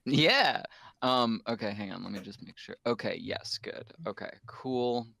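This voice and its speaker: A man playing a tabletop game, speaking casually and muttering quiet asides. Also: mid-range voice, animated, measured pace, vocal fry, no echo, clean studio sound. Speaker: player.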